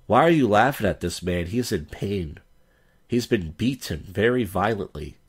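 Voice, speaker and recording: A man's voice: lowish voice, expressive, moderate pace, slightly rough. A man streaming crude, rambling commentary over video clips.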